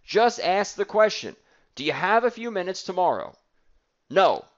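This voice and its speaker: A blunt male sales trainer whose voice rises and falls a great deal as he acts out phone calls. He speaks a little higher than most men, and the recording sounds dull and lo-fi. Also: very animated, normal speed.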